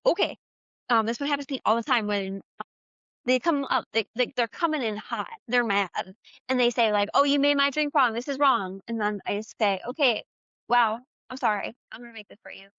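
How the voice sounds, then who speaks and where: A young woman co-hosting a podcast in casual chat, laughing often and doing deadpan barista reactions. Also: on the high side, fairly quick, no echo, muffled recording. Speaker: podcast co-host.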